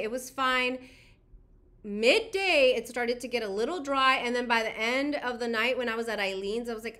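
A woman's voice: on the high side, pushed and bright. A woman hosting a live beauty stream, talking to her chat in a chatty, rambling way full of "like". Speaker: beauty livestream host. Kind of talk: casual livestream chat.

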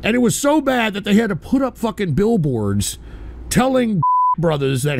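A man's voice: sits high, wildly swooping pitch, normal speed, creaky, slight background noise. A man hosting a call-in radio show, ranting brashly, swearing and repeating himself as he takes calls. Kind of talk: profane call-in radio rant.

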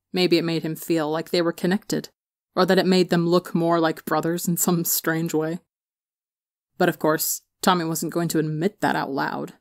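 A woman reading a story aloud for a podcast in a calm, even narration. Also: on the low side, dry recording, clean studio sound. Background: faint guitar music.

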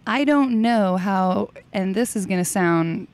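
An American woman talking casually as a podcast guest, chatty and quick to laugh. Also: mid-range voice, a little mellow, no echo. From United States. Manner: chatty, laughs easily, teasing. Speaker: podcast guest, CrossFit coach. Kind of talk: casual interview chat.

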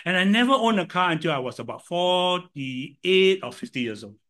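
An older man with a Singaporean English accent preaching a sermon, telling stories and swinging from loud to soft. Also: high voice, big pitch swings, moderate pace. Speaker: pastor.

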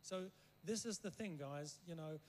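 A guest preacher who grew up in Africa and came to English only at school tells a winding story, stopping often to check in with his listeners. His man's voice sits fairly high. A faint hum runs behind him. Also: a little slow, low-quality recording. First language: not English. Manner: rambling anecdotes, keeps checking in with the room. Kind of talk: storytelling sermon.

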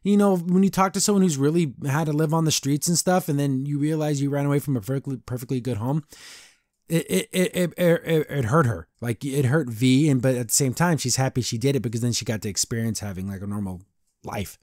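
A young man hosting a podcast, casually recapping a cartoon episode and voicing the characters in quick impressions, with frequent restarts. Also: mid-range voice, darkish tone, dry recording, studio quality. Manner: retells scenes with quick voiced impressions, restarts and stammers. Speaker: podcast host.

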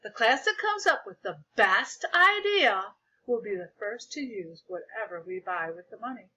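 A woman's voice: medium pitch, expressive, moderate pace, pushed and bright. A woman voicing a cheery male school principal in a storybook read-aloud, in a dull lo-fi recording. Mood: upbeat.

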